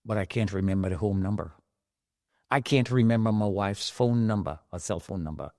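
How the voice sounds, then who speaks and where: A man's voice: lowish voice, normal speed, mellow, dry recording. A middle-aged man recounting how he survived, acting out the voices of the people in his story, heard close on a studio mic. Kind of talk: emotional personal storytelling.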